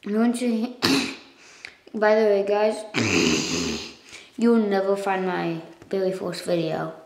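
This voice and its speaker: A woman's voice: mid-range voice, very animated, slow, echoey room. A woman vlogging casually to her viewers, rambling and correcting herself as she goes, recorded on a phone. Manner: rambling, self-correcting, coughs and clears throat. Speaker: channel owner. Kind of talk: casual thank-you vlog.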